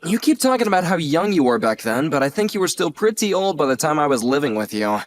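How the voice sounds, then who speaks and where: A man's voice: on the high side, sing-song, quick pace, dry recording, faint music behind. A man playing an earnest young nephew. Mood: teasing. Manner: sincere, gently teasing. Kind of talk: audio drama acting.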